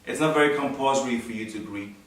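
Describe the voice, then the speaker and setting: A man from Nigeria talks casually, explaining things at length and often breaking into laughs. His voice sits at an ordinary middle pitch. It is picked up from a little way off in a very echoey room. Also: quick pace, a little hiss or hum. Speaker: co-host. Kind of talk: casual chat. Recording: echoey room, voice a bit far from the mic.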